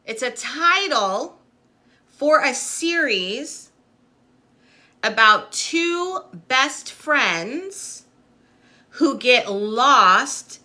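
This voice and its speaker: A woman's voice: sits high, bright, forceful tone. A woman teaching a TV production class on a livestream, chatty and upbeat as she reads out viewers' comments. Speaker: TV production instructor. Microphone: phone or webcam on livestream.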